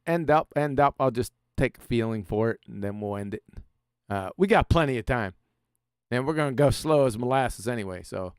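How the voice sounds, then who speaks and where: A man's voice: fairly high pitch, smooth, no room sound, studio quality. A man hosting a live stream and presenting slides in a combative, mocking, emphatic manner. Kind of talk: casual live-stream lecture.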